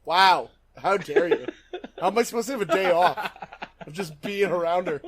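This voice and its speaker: A man hosting a podcast, trading profane, jokey insults with his co-host in casual banter. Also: high voice. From Connecticut. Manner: profane, jokey, quick comebacks.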